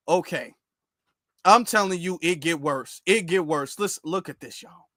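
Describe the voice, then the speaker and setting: A man's voice: high voice, moderate pace, a bit bright, dry recording, clean studio sound. A man hosting a livestreamed reaction commentary show, sarcastic and repeating his rhetorical questions.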